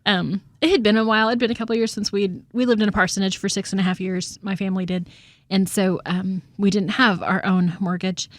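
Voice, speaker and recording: A woman talks through a casual podcast chat, laughing often and doubling her words as she starts. Her voice sits at a middle pitch, recorded dry and close with no room sound. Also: fairly even intonation, a little fast, no echo. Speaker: co-host and real estate agent.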